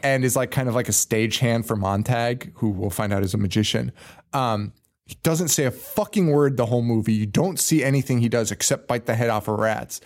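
A man's voice: medium pitch, fairly quick. A man co-hosting a horror movie podcast, chatting casually, rambling and swearing with frequent laughter. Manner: rambling, profane, laughs often. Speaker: podcast co-host. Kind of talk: casual film-review chat.

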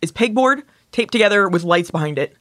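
A man's voice: high voice, expressive, brisk, pushed and bright, no echo, clean studio sound. A man co-hosting a podcast, chatting casually about movies in a laid-back way. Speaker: podcast co-host.

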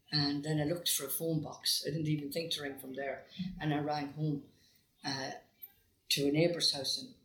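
An older Irish woman, a singer, telling stories from her life in a relaxed interview. She acts out the voices of the people she quotes and often breaks into laughter. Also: low-pitched, a little hiss or hum. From Ireland. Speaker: guest singer. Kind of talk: conversational storytelling. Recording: roomy echo with faint ambience.

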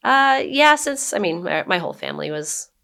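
A woman's voice: fairly low pitch, moderate pace, gravelly, clear, resonant tone. A woman in her forties, a guest chatting casually in an interview and then reading her own blog aloud. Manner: relaxed and chatty, reads with emphatic quoted lines. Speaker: guest, blogger and brewery owner.

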